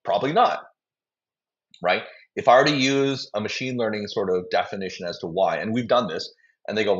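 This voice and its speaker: A man's voice: fairly low pitch, brisk, dull audio. A man, a company CEO, answering interview questions at length, rambling and acting out voices he quotes. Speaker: biotech company CEO, guest.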